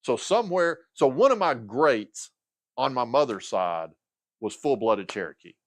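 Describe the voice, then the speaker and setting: A man's voice: medium pitch, big pitch swings, measured pace, dry recording. A man in his fifties hosting a casual livestream chat, rambling, losing his train of thought and filling gaps with lots of uhs and restarts. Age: 50s. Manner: hesitant, many fillers and restarts. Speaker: livestream host.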